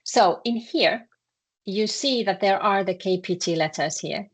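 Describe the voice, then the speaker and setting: A woman speaking in a husky, mid-range voice leads a language lesson in Finnish-accented speech, stumbling along with many fillers and repeating words as she goes.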